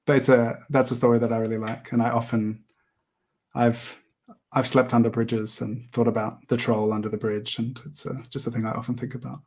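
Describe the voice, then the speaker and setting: A man hosting an art livestream, chatting casually while he sketches, rambling with many pauses and small laughs. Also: medium pitch, little pitch movement, a little mellow. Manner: rambling, hesitant, laughs often. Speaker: livestream host and artist.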